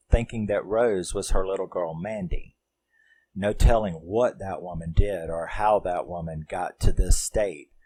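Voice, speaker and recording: A man's voice: sits low, a little mellow. A man reviewing a film in a casual, rambling way, often laughing and using lots of fillers.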